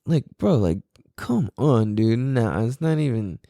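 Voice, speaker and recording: Man, podcast host, casual rant, lots of "like" and swearing, warm low-key tone, dry sound. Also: slow, no room sound. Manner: animated, profane, rambling with many fillers.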